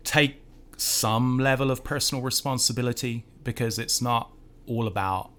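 A man appearing as a podcast guest, speaking in a measured, storytelling way. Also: mid-range voice, fairly bright tone. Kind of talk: casual podcast conversation.

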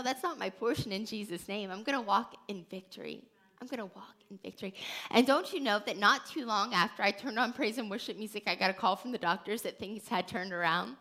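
A woman hosting a faith teaching podcast, telling stories in an earnest, animated way with many restarts. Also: medium pitch. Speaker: podcast host.

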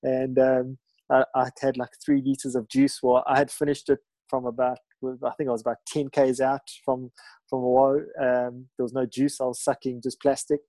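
A man's voice: mid-range voice, completely flat delivery, normal speed, mellow, no echo, poor audio. A middle-aged man telling a story in a rambling way, full of fillers and restarts. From South Africa. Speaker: guest, ocean ski paddler. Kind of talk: casual storytelling.

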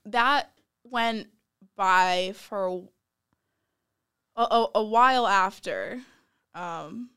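Speaking very slowly and pausing often, a young woman tells a story in a casual, animated way. Her mid-range voice is clear and resonant, and she laughs often while acting out what people said.

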